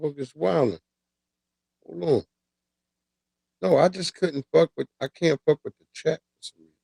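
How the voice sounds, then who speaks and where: Man, livestream host, rambling profane chat, off on tangents, slightly high voice, dry close mic. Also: moderate pace, gravelly, warm tone, slightly rough, dry recording. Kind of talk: casual chat with viewers.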